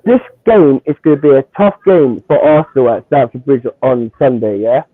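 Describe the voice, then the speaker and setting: A man, a Chelsea fan arguing football in heated banter, animated and repetitive as he talks over the host. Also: mid-range voice, moderate pace, dry recording, phone-quality sound. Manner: animated, repeats himself, talks over others.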